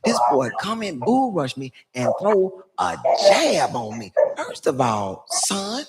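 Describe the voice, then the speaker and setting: A man telling a boastful comic story, animated and acting out all the voices himself. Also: on the high side, slow pace, big-room sound. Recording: noisy recording.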